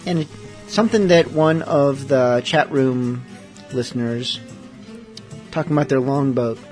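A man's voice: mid-range voice, a little mellow. Rambling, self-mocking male radio host. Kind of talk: casual radio show talk.

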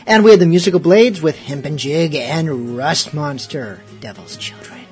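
A man's voice: on the high side, moderate pace, darkish tone, soft background music. A man hosting a casual online radio show, rambling in self-mocking banter between segments. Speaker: host.

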